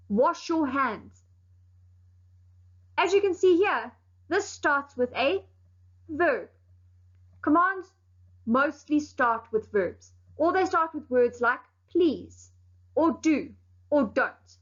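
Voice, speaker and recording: A high-pitched woman teaches a recorded lesson to young pupils. She explains carefully and leans on key words with firm emphasis. The sound is a little dull and lo-fi.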